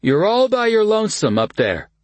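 A man voicing a boisterous young man who teases his cousin loudly, higher than his own voice. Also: moderate pace, dry recording. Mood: tipsy teasing. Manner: loud, excited, mocking.

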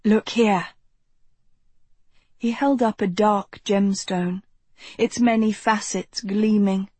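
Slow, husky woman narrating a story. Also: mid-range voice, steady tone, a little mellow, dry recording. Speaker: audiobook narrator. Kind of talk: scripted narration.

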